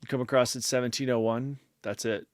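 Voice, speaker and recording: A man co-hosting a casual podcast, talking in a loose, rambling way and stopping now and then to read listener comments aloud. His voice sits at an ordinary middle pitch. It sounds close and dry, with no room around it. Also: steady tone, a little fast, dry recording. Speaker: podcast co-host.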